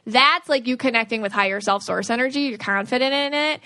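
A woman's voice: mid-range voice, fast talker, hardly any pauses, pushed and bright, dry recording. A woman hosting a podcast, giving spiritual advice in an earnest, rambling way that restarts sentences. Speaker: podcast host, aura reader.

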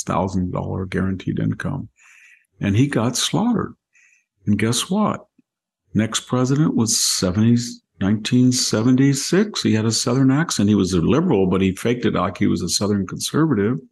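Gravelly older man, rambling commentary. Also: on the low side. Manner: long rambling explanations with animated quoted voices. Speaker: podcast host, commentator. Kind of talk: casual political talk.

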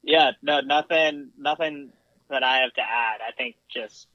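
A man's voice: medium pitch, a little slow, no echo, muffled recording. A man co-hosting a sports podcast, casually reading out stats and hedging his opinions. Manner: thoughtful, hedging, reads out stats. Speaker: podcast co-host.

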